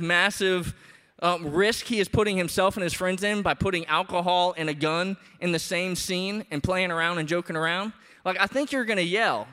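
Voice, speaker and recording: A man preaching a sermon as a pastor, in an animated, conversational way with emphatic rises. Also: sits high, big-room sound.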